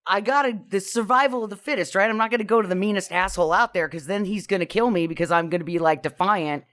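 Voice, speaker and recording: A woman's voice: mid-range voice, quick pace, fairly bright tone. Woman riffing on absurd logic. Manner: playful, absurd reasoning. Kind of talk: casual podcast banter.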